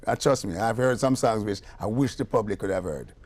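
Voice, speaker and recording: His voice sits on the low side and moves fairly quickly: an older Jamaican musician and producer recounting stories in a casual interview. He animates his tales by voicing the people he quotes.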